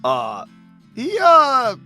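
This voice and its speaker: A man's voice: very high-pitched, wildly swooping pitch, extremely slow, sharp tone, faint music behind, exaggerated voice. A man playing a boastful old vampire who rambles about inventing things in a tabletop role-play game. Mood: grandiose. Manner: pompous, rambling, old-fashioned phrasing.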